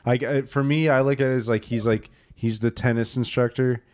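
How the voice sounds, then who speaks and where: A man's voice: mid-range voice, fairly even intonation, a little fast, darkish tone, dry recording, clean studio sound. A man co-hosting a casual movie review podcast, rambling with many fillers. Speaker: podcast co-host.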